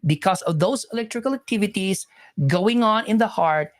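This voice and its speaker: A woman's voice: mid-range voice, moderate pace. A woman teaching nursing exam material live, repeating points, correcting herself and chatting with viewers.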